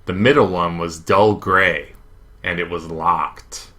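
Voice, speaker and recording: A man reading a children's novel aloud in first person, with a lively, emphatic delivery. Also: low-pitched, takes it slowly. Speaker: audiobook reader. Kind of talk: first-person storybook narration.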